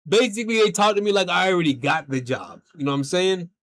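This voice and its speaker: A male game streamer from the United States chats casually over his gameplay. He rambles through a long personal story, swearing freely and filling it with slang. His voice sits a little high for a man. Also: quick pace, a bit bright. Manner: rambling, profane storytelling full of "bro" and "like". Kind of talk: casual chat while streaming.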